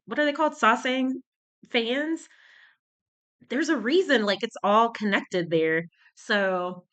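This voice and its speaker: A woman's voice: medium pitch, bright, forceful tone. A woman talking in a casual commentary vlog. She rambles and searches for words, and she is short of breath from a cold. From United States. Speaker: YouTuber.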